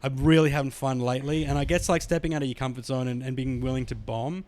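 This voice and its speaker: A man's voice: medium pitch, fairly even intonation, fast, darkish tone. A man hosting a comedy podcast, chatty and self-deprecating, laughing often. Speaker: podcast host, stand-up comedian. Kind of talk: casual podcast chat.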